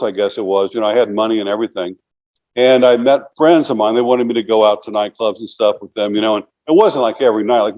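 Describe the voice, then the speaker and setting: An older man in his sixties recounts anecdotes as an interview guest, talking casually and rambling, full of "you know". His voice sits at an ordinary middle pitch. The audio is slightly dull and lo-fi. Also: a little mellow. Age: 60s.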